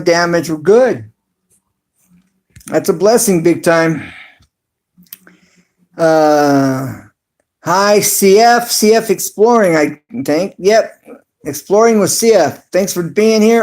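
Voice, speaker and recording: A man's voice: sits high, a little mellow. A man hosting a casual livestream, reading viewer comments aloud with lots of fillers and little chuckles. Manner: reads chat aloud haltingly with many fillers and chuckles. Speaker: livestream host.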